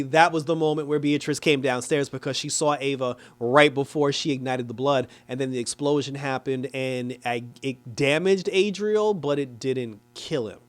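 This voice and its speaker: A man giving a casual, animated review of a TV episode, talking loosely with lots of "like" and quick laughs. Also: medium pitch. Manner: animated, chatty, frequent "like" and laughs; acts out characters in exaggerated quoted voices. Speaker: TV show reviewer.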